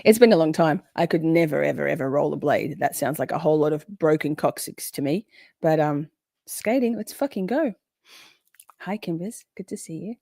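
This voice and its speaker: Woman, 40s, livestream host: loose, chatty, swears freely, lower-pitched voice, dry close sound. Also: moderate pace, gravelly, dark tone, no echo. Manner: chatty, swears, greets viewers by name. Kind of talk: casual livestream chat.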